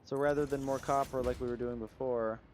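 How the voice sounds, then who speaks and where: A man's voice: medium pitch, fairly even intonation, fairly quick, darkish tone, a little hiss or hum. Man musing aloud over a building game. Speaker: gaming livestreamer. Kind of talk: casual gameplay commentary.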